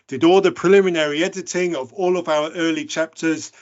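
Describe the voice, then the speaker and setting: A man's voice: a little high, steady tone, a little fast, lo-fi sound. A man hosting a podcast, interviewing a guest in a playful, enthusiastic way. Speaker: podcast host.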